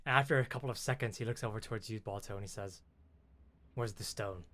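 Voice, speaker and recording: A man's voice: on the low side, rapid-fire, a bit bright, slight background noise. A young man, the game master, narrating a tabletop game in a casual storytelling way, with lots of 'kind of' and 'just'.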